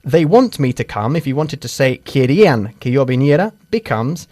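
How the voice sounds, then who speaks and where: Lively, upbeat male teacher. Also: mid-range voice, moderate pace, dry recording, clean studio sound. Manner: animated, emphatic, switching between English and Spanish. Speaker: English teacher. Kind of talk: bilingual English lesson drills. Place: studio.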